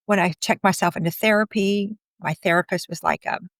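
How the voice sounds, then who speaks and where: A woman's voice: mid-range voice, fairly even intonation, fairly quick, dry recording, clean studio sound. A woman in her fifties, an interview guest, telling her own story in a candid, outspoken way with occasional laughs. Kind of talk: personal storytelling.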